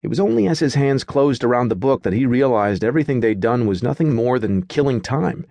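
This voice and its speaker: A man reading an audiobook in a steady, measured storytelling manner. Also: mid-range voice, creaky, no echo. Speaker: audiobook narrator. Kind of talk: scripted narration.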